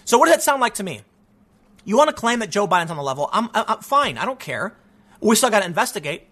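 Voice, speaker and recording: A young man rants through a solo political commentary, exasperated and heated, tripping over restarts as he pushes his point. His voice sits high and bright, swinging widely in pitch as he builds. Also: sing-song, fast talker, breathy edge.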